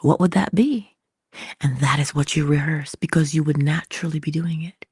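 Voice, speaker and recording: A woman hosting an inspirational livestream, talking slowly and intimately, dropping into whispers at times and greeting viewers in the chat. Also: sits low, a little mellow, husky, no echo, clean studio sound. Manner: slow, intimate, drops into whispers. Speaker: motivational livestream host.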